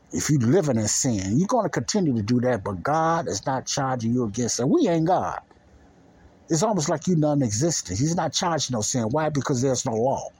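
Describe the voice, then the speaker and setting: Husky-voiced preacher man, emphatic and colloquial. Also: mid-range voice, darkish tone. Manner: emphatic, repetitive, conversational, colloquial grammar. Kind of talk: informal preaching podcast.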